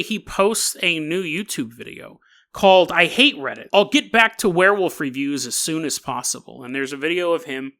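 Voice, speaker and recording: A man's voice: a little high, pushed and bright. A man hosting a podcast, telling a strange story in a casual, wry way and laughing at his own asides. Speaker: podcast host.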